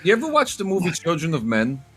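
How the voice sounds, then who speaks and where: Lively, animated man in podcast chat. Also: on the high side, quick pace, breathy edge, faint music behind. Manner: animated, laughs often, profane. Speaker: podcast co-host.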